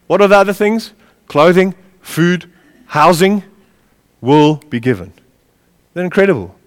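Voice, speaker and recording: High-voiced preacher in a hall. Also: male voice. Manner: impassioned, with a lively rise and fall; chuckles while telling stories. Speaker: pastor. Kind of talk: sermon. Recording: long reverb of a large hall.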